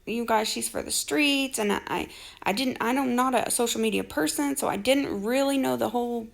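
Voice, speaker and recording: A woman in her forties, high-pitched and heavy with gravelly vocal fry, comments on online drama as a social media personality. At a normal pace she gossips with sarcasm and exasperation, often lapsing into mocking impressions of the people involved.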